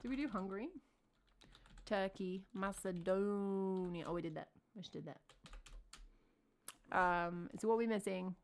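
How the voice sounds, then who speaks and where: A woman's voice: mid-range voice, normal speed, pauses often. A woman with an English accent, chatting casually on a live stream, thinking aloud and answering her chat. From England.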